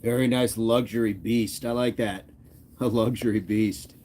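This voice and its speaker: A man's voice: on the low side, fairly even intonation, unhurried, a little mellow. A man hosting a fitness livestream, casually reading viewers' comments aloud and chatting back with an easygoing, laughing manner.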